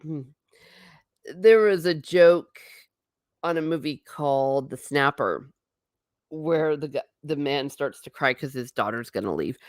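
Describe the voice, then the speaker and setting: A woman hosts a casual stream, musing aloud and reading viewer comments between laughs. Her voice sits a little low for a woman. The sound is dry and close, with no room around it. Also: expressive, unhurried, no room sound. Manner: chatty, rambling, laughs often. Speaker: livestream host reading chat. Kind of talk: casual livestream chat.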